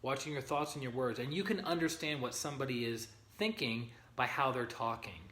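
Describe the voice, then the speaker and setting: A man's voice: medium pitch, fairly quick, a bit bright. A man giving a live-streamed spiritual teaching, earnest and often checking in with his listeners. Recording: roomy echo.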